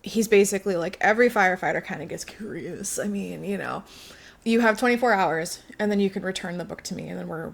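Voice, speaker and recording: A woman co-hosting a casual podcast, talking through a story's plot in a loose, chatty way. She swears freely and throws herself into quick voicings of the characters. Her voice sits at a middle pitch. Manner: chatty, swearing, acts out characters' lines with big jumps in pitch. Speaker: podcast co-host. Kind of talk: casual chat, retelling a book plot.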